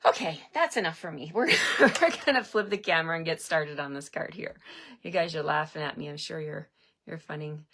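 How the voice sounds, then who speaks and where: A woman's voice: sits low, a little fast, fairly bright tone. A middle-aged woman from Canada chatting cheerfully on a livestream from home, laughing often and greeting viewers by name. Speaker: stamping demonstrator hosting a livestream. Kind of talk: casual livestream chat. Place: at home, indoors. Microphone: webcam or phone camera.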